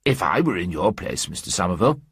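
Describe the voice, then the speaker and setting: Man voicing a fat chatty English journalist, ingratiating, pitch bouncing around, husky low voice. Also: sing-song, quick pace, no echo, studio quality, exaggerated voice. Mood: persuasive. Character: stout chatty English journalist husband, middle-aged.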